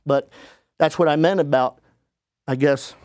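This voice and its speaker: A man, a podcast guest, telling a story casually and acting out the people he quotes in a higher voice. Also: steady tone, measured pace, darkish tone, no room sound, studio quality. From United States.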